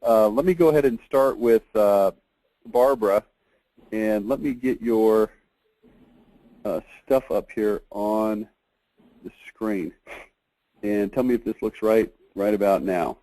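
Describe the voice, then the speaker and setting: A man hosting a casual conference call, chatty and halting, with many fillers. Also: on the low side, dark tone, poor audio. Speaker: host of a marketing review call.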